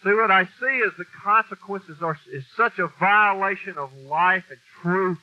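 Man, preacher, informal sermon, blunt and folksy, high voice, dull lo-fi recording. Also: unhurried. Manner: blunt, folksy, mild cursing, emphatic. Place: meeting room with a mic.

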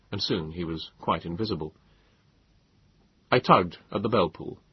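Husky low-ish guy reading a story, lots of pitch movement, dull dry sound. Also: no room sound. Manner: measured, lively storytelling delivery. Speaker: audiobook narrator. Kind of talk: first-person storytelling.

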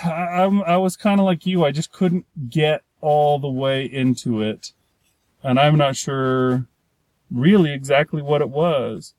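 A man's voice: a little high, darkish tone, dry recording. A man with a slightly raised voice talks casually about a movie he watched. He rambles, breaks off and restarts, and slips into voices to act out lines. The sound is dry and close. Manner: rambling, trails off and restarts, acts out characters' lines. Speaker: podcast co-host. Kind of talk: casual movie review chat.

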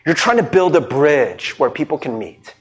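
A male pastor giving a sermon in a conversational, animated way, often mimicking people and laughing. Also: fairly high pitch, normal speed.

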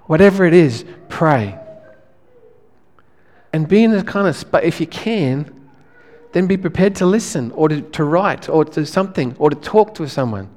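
A male pastor, preaching a sermon in a relaxed, conversational way, often restarting his phrases. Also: on the high side, moderate pace, in a large hall.

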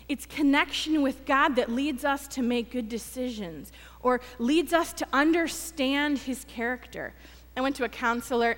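A woman pastor giving a conversational sermon, telling stories with acted quotes and self-deprecating humor. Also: high-pitched. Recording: long reverb of a church hall.

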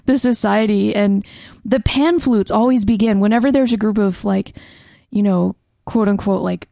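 A woman's voice: medium pitch, moderate pace, vocal fry, dark tone, dry recording, clean studio sound. A woman co-hosting a podcast in casual chat, talking with many fillers and laughing often. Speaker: podcast co-host.

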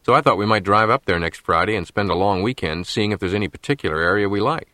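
A man's voice: on the low side, fast talker, bright, forceful tone, no echo. A man voicing an earnest young male law graduate with a light wry edge.

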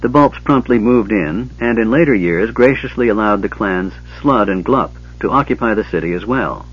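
A man reads fantasy narration in a low voice with a husky grain, keeping a measured, steady pace. The sound is dull and lo-fi, like an old audiobook recording. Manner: measured, even storytelling.

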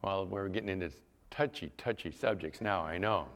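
A man's voice: deep voice, normal speed, a bit bright. A man preaching a sermon as pastor, talking conversationally and putting questions to the congregation.

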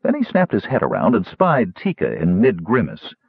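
A man narrating a fantasy audiobook in a lively, expressive reading. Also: on the low side, normal speed, creaky, husky, no echo. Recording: tinny phone-like audiobook recording.

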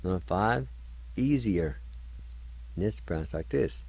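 A man teaching on the radio at a slow, unhurried pace, his voice sitting on the low side. He spells every word out one letter at a time and repeats it with patient care. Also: lively intonation, gravelly, darkish tone, breathy edge, rough recording. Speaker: radio host teaching vocabulary. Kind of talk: slow spelled-out language lesson.

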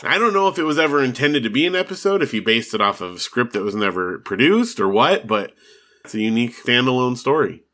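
A man co-hosting a podcast, talking in a relaxed, chatty way. His voice has a bright, forward tone. He laughs easily and keeps the talk loose. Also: mid-range voice, quick pace. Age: adult with children. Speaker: podcast co-host. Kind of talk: casual chat.

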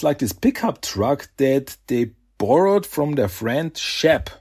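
A man with a husky voice talks through a comic issue in a relaxed, chatty recap. His pitch sits a little high and moves a lot, so the telling sounds animated. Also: slow pace, few pauses. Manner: chatty, animated retelling with laughs and voiced asides. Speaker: podcast host. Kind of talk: casual comic book recap.

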